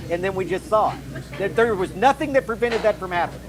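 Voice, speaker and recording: A man's voice: high voice, expressive, brisk, music in the background, rough recording. A man co-hosting a combat sports talk show, skeptical and repeating himself as he thinks aloud. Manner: skeptical, talks through restarts and hedges. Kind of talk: casual combat sports commentary.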